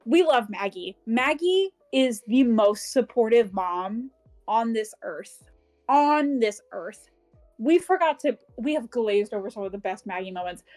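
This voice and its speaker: A woman's voice: fairly high pitch, expressive, normal speed, a little mellow, soft background music. A woman co-hosting a book club podcast, chatting casually about a novel, giggling often and swearing freely as she gushes. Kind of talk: casual chat recapping a novel.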